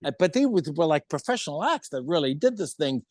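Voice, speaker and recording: Older american guy telling a story, does the voices, swears a lot, voice on the higher side, dry recording. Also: fast talker, dry recording. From United States. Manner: animated storyteller acting out quoted voices, swears freely. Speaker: interview guest. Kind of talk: casual anecdote telling.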